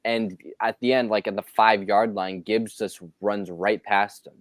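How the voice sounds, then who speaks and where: Slow-talking man in a dry, close sound. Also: lowish voice, little pitch movement, no room sound. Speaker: sports stream panelist. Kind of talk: casual live stream chat.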